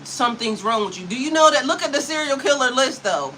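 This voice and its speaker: A woman's voice: high-pitched, lively intonation, fairly quick, hardly any pauses, a bit bright, slight background noise, low-quality recording. A woman in her fifties, livestreaming to her chat in a sassy, profane way, with frequent laughter, talking into a computer mic. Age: 50s. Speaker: spiritual coach livestreaming to chat.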